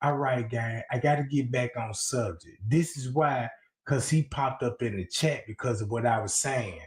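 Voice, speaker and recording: A man's voice: mid-range voice, reverberant. A man hosting a livestream, giving crude, mocking, profane commentary. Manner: mocking, profane, drawn-out delivery. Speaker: livestream host.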